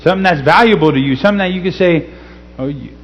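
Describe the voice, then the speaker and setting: A man reading scripture slowly and teaching in a casual way, often checking in with "okay?". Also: high-pitched. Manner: slow, deliberate scripture reading. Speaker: pastor. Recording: slightly dull recording with faint hum.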